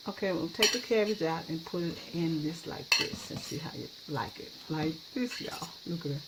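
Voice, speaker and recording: A woman hosting a cooking channel, talking casually and enthusiastically as she shows and tastes her dish. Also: mid-range voice. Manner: chatty and enthusiastic, tastes food on camera. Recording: noisy kitchen with clattering dishes.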